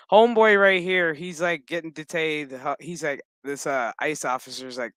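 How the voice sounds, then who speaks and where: A man's voice: a little high, fairly even intonation, moderate pace, hardly any pauses, fairly bright tone, clean tone, dry recording. A man giving a casual, profane recap of a TV episode, laughing often as he tells it loosely. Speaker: show recap host.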